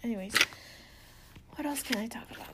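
A woman chatting intimately and casually to her partner, giggly and rambling in a soft, often half-whispered voice. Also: on the high side, a little fast, heavy background noise. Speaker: podcast host talking to her partner. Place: indoors at home.

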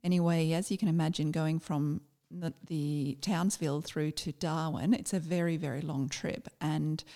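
A middle-aged Australian woman, a former army officer, telling a personal story in a reflective, halting way with many fillers. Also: sits low, fairly even intonation, mellow.

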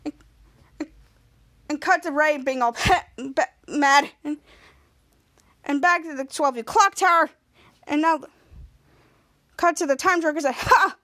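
A woman's voice: high-pitched, measured pace, pauses often, fairly bright tone. A woman podcast host casually recapping an episode scene by scene, with lots of "cut to" and "he's like.". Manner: rambling scene-by-scene retelling full of "cut to" and "he's like".

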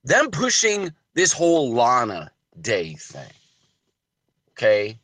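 A man's voice: mid-range voice, huge pitch swings, slow pace, fairly bright tone, dry recording. A man hosting a wrestling podcast, giving emphatic commentary full of rhetorical questions. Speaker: podcast host.

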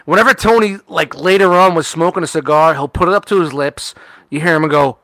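A man on a podcast, teasing his co-host with crude, profane banter. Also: a little high. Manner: profane, teasing, fast and loud.

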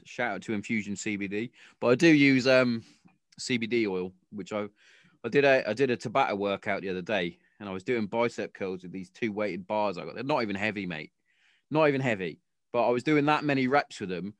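A man's voice: lowish voice, brisk, no echo. A man in his thirties hosting a podcast, telling blunt, sweary, jokey stories in casual chat. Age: 30s. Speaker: podcast host. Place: home garden shed.

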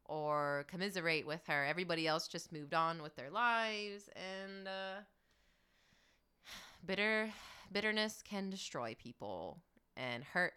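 A woman co-hosting a casual movie review podcast, animated and swearing casually. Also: on the low side, clear, resonant tone. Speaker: podcast co-host.

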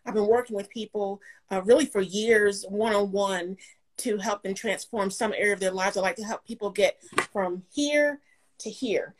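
Woman, guest, warm, laughs often, casual chat. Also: medium pitch, moderate pace, rough recording.

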